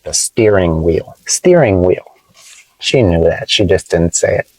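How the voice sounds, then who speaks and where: A man teaching English vocabulary from inside his car, playful and explaining slowly with examples. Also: low voice, animated, a little mellow, dry recording, rough recording. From United States. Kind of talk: casual teaching vlog.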